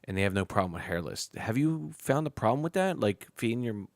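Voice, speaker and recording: A man's voice: lowish voice, very animated, brisk, dry recording. A man hosting a casual live stream about pet snakes, talking loosely with a guest and his chat, laughing often and swearing freely.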